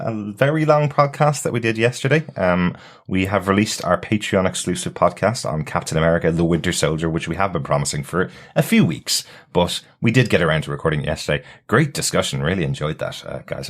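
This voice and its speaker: A man hosting a TV podcast, chatty and laughing often, with frequent uh fillers. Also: very deep voice. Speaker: podcast host. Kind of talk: casual chat.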